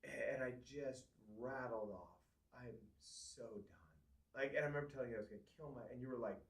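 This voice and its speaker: Candid man telling his story, roomy sound. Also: mid-range voice. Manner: candid, halting, with frequent restarts. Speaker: podcast co-host. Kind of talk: personal storytelling. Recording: echoey room, far from mic.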